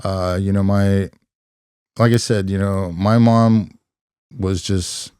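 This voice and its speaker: Middle-aged Californian man, low smooth voice, reflective storyteller, dry close sound. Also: fairly even intonation, warm tone, no echo. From California, USA. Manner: reflective, unhurried, many "you know" fillers. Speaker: podcast guest, former police officer. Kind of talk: conversational storytelling.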